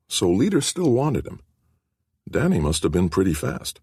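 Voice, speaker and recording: A man narrating a fantasy audiobook in an expressive, varied reading. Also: low voice, normal speed, breathy edge, dry recording, clean studio sound.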